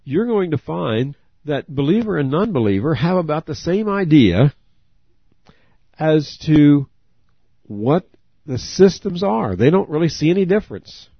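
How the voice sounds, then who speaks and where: A man's voice: fairly high pitch, sing-song, unhurried, breathy edge, no echo. A man preaching a sermon, earnest, asking his listeners direct questions. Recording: dry, dull lo-fi audio.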